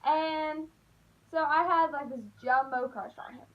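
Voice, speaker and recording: A young woman telling stories in a chatty, animated way, full of "like.". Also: sits high, unhurried, highs cut off. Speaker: vlogger. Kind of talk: casual storytime.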